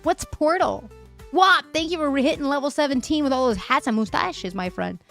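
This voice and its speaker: A woman's voice: sits high, expressive, normal speed, fairly bright tone. A young woman hosting a live stream, chatting casually and reading viewer messages aloud with frequent laughs, her voice a little worn. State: voice a bit fried. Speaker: livestream host. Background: faint music.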